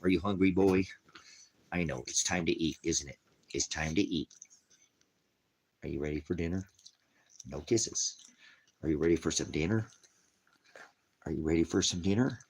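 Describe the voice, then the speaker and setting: A man with a notably deep voice talks loosely on a livestream from home. He rambles from topic to topic, cracks crude jokes, and slips into doting baby talk with his dogs. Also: normal speed, pauses often, darkish tone, husky. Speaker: livestream host.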